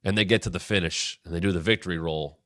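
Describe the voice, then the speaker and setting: A man in his thirties with a bright, forceful voice, recapping old wrestling storylines with real enthusiasm. He talks casually and breaks into sudden energetic bursts. The sound is close and dry, with no room in it. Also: low voice, fast, no echo. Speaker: wrestling show host. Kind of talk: casual retrospective commentary.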